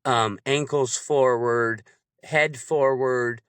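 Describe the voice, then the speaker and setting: Animated man explaining coaching, dry close sound. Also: medium pitch, slow, smooth, no room sound. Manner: animated, acts out examples in changing voices. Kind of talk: casual chat.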